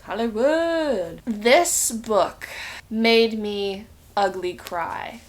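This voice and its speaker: A woman in a casual sit-down chat, talking straight to viewers and acting out her own thoughts in quotes. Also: mid-range voice. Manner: chatty, talks straight to viewers. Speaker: book reviewer.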